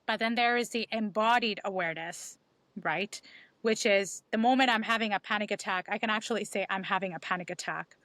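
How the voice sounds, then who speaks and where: A woman's voice: medium pitch, a little fast, a bit bright, no echo. A woman talking as a podcast guest, giving emphatic advice that repeats key phrases and acts out inner dialogue. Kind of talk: animated conversational advice.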